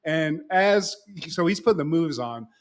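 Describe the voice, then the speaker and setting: A man co-hosting a podcast, telling a plot story in an animated, profane, casual way. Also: fairly high pitch, a little slow. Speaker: podcast co-host. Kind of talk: casual podcast chat recapping a show.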